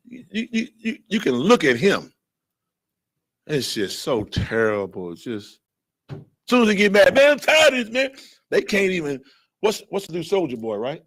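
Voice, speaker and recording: A man teaching a blunt, animated Bible lesson who acts out other people's voices as he goes. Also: mid-range voice. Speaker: scripture teacher. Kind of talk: fiery street-style Bible lesson.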